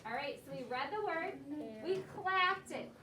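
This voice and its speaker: A woman's voice: extremely high pitch, animated, normal speed, over loud music. A woman teaching a second grade phonics lesson in a classroom, patiently prompting the class with questions and cues. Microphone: far camera. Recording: echoey classroom, far from the mic, with room noise.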